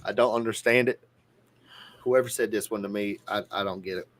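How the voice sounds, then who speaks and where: A man's voice: lowish voice, fairly even intonation, fairly quick, a bit bright, dry recording. A man from near the Georgia-Tennessee border with a Southern accent, co-hosting a casual podcast chat with rambling, profane, jokey storytelling. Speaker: podcast co-host.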